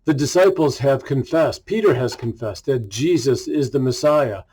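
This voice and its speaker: A male pastor giving a relaxed daily devotional, reading scripture and retelling it in a casual, conversational way. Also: mid-range voice, moderate pace, husky, poor audio.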